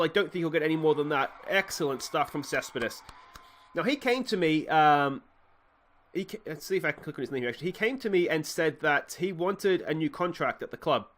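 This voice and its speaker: A young Australian man giving rambling commentary on his baseball game, getting excited on big plays. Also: fairly high pitch. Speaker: let's play host.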